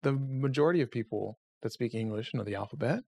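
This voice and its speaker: A man's voice: mid-range voice, quick pace, creaky, warm tone, dry recording. A man co-hosting a podcast in casual chat, playful and jokey, rambling a little. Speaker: podcast co-host.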